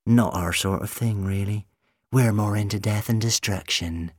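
A man voicing a blunt, tough female pirate captain in a storybook reading, speaking slowly and flatly. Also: on the low side, husky, dry recording, studio quality. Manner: blunt, deliberate.

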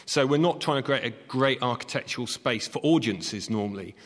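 A man who is an acoustics expert, clearly explaining how halls are designed. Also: mid-range voice, brisk, fairly bright tone. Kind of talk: explaining on a panel. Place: concert hall used as studio. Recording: long concert hall reverb.

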